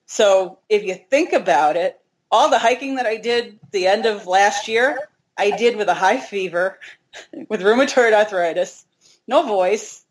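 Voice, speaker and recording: As a guest in an interview, a forty-something hiker gets candid and chatty about something from her own life, joking at her own expense. Her medium-pitched voice comes through a low-quality recording.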